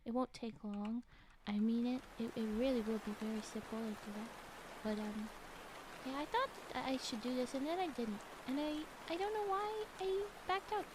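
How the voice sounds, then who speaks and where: High-voiced chatty woman streamer. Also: normal speed, background noise. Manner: chatty asides, giggly tangents. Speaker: streamer reading stories. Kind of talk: casual storytelling stream.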